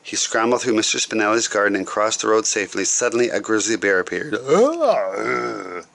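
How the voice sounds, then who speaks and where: A man reading a children's picture book aloud, relaxed and adding chatty asides. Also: on the low side, fast.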